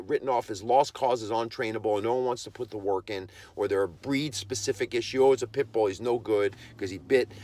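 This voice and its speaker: A man's voice: medium pitch, no room sound. A man who trains dogs, hosting his own podcast and delivering a blunt, impassioned monologue. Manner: impassioned ranting, blunt and emphatic. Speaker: podcast host and dog trainer.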